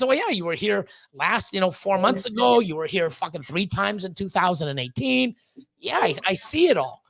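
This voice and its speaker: High gravelly man telling a rambling story. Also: moderate pace, no echo. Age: 50s. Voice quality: profane, rambling, animated when retelling quotes. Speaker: guest. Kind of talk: casual storytelling on a live stream.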